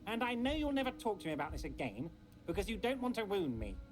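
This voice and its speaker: A man's voice: high voice, wildly swooping pitch, fast talker. An actor playing a jovial, scheming male union boss in a video game, with a fawning, theatrical manner. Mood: wounded. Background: game music.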